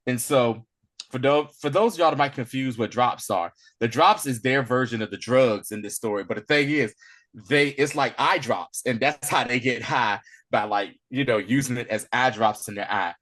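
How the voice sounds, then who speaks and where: A man casually retelling a TV episode in loose, slangy speech, animated and acting out bits as he goes. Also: mid-range voice, normal speed. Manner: animated storyteller, loose and slangy, acts out lines. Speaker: podcast co-host recapping a TV episode. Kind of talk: casual recap chat.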